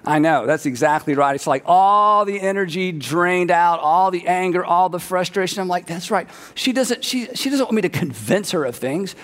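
High-voiced man preaching in a hall. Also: moderate pace, few pauses, fairly bright tone. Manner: conversational, repeats words for emphasis. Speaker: pastor. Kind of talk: sermon.

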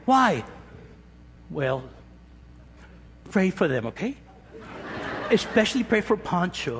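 A man's voice: sits high, wildly swooping pitch, slow pace, long pauses, a bit bright, a little hiss or hum. A middle-aged man with an East Los Angeles accent preaching a sermon, emphatic and joking as he counts through a numbered list. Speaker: pastor. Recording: echoey hall with long reverb.

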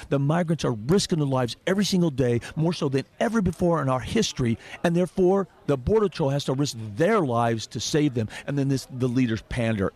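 A man's voice: a little high, lively intonation, brisk, few pauses, darkish tone. A middle-aged man, a former border chief, speaking as a guest in a radio interview in an emphatic, indignant way, often repeating words.

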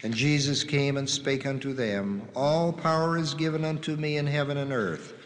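A man slowly and solemnly reading scripture passages aloud, naming the gospel after each one, his voice heard from a distance in a reverberant hall. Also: medium pitch, noisy background. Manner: slow, measured, solemn reading with drawn-out quotes.

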